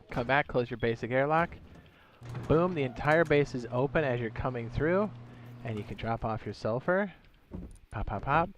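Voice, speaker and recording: A young man talking loosely on a gaming stream at a middle pitch, thinking aloud and chatting with viewers as he works. Faint background noise and mouse clicks sit under his voice. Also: a little fast. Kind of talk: casual gaming livestream commentary.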